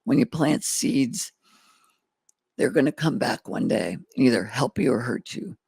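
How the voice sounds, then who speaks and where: His mid-range voice swings widely in pitch, moving a little slowly, gravelly yet a little mellow with a breathy edge, and there's no echo. The middle-aged man is a guest entrepreneur in a candid interview, telling earnest, folksy life stories and acting out old conversations in quotes.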